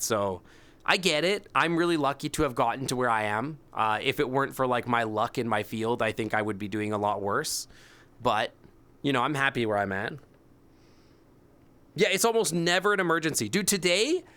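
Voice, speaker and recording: A young man streaming, chatting casually and telling animated stories about work, acting out his coworkers' panic. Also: mid-range voice, clean tone. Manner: animated storytelling, mimics coworkers. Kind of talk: casual chat with chat readers.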